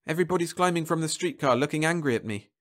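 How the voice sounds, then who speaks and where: A male storyteller reads a science fiction tale in the first person, acting out the emotions of each line. His fairly high voice rises and falls widely. The delivery is dramatic and expressive. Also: very fast.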